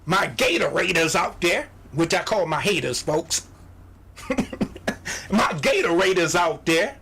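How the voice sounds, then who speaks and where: A man's voice: high-pitched, animated, unhurried, vocal fry, pauses often, pushed and bright, husky. A man hosting a radio show, giving a motivational sales pep talk, exhorting his listeners, repeating phrases and mimicking doubters.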